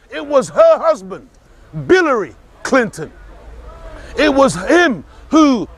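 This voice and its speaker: High-voiced man preaching with force. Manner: forceful, emphatic, repeats key phrases, rises to shouts. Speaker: speaker giving a political talk. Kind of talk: impassioned speech.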